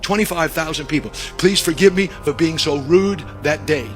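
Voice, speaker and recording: A middle-aged man preaching a sermon through a long personal story, animated, dropping low and then shouting. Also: normal speed, faint music behind. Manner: animated, shifts from hushed to shouting.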